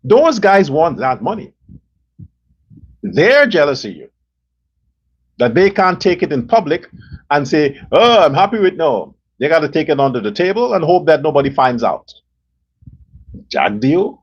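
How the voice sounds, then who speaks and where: A man with a notably high speaking voice hosts an opinionated commentary show, talking bluntly and swearing freely as he tells stories. The recording sounds dull and lo-fi, with the top end muffled. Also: sing-song, a little slow, long pauses, slightly rough. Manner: blunt and profane, storytelling. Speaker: show host.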